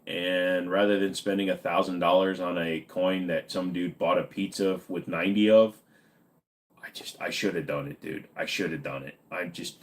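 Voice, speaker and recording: A man's voice: low-pitched, fairly bright tone. A tired man hosting a casual live stream, rambling and joking crudely with viewers, saying he feels dizzy. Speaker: livestream host.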